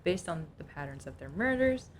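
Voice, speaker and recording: A woman with a notably low voice co-hosts a casual podcast, reading definitions from her notes in a chatty way. A faint rumble sits under the recording. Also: very animated, normal speed. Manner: reads notes aloud, chatty, laughs easily. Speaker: podcast co-host.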